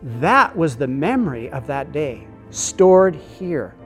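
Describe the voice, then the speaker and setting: A man's voice: on the high side, sing-song, takes it slowly, a bit bright, soft background music. A man explaining emotional memory and trauma, earnest and storytelling. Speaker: teacher.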